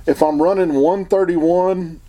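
A man's voice: high voice, fairly even intonation, measured pace, mellow. A man talking casually and emphatically to his viewers, opinionated and rambling, often restarting his sentences. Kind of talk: casual talk to camera.

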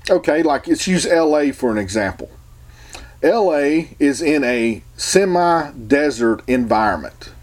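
His voice runs on the high side, expressive and measured in pace. Addressing the camera casually, he rambles through strong opinions with emphasis and keeps restarting his sentences.

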